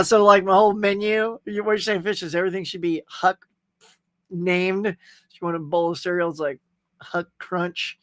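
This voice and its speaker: A man's voice: high voice, no room sound, studio quality. A middle-aged man with a Southern US accent, casually hosting a live stream, chatting, laughing often and greeting viewers by name. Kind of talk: casual live chat reading comments.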